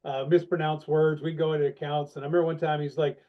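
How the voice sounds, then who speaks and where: A middle-aged man, a guest on a casual podcast interview, telling animated, self-deprecating stories about his sales career. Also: on the high side, fast talker. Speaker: guest, longtime sales leader. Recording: dull, lo-fi sound.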